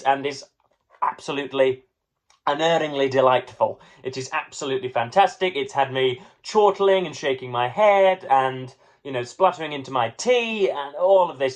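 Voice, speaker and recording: A young man chatting casually to camera about his reading, wordy and playfully grandiose, full of ums and restarts. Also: medium pitch. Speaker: book vlogger.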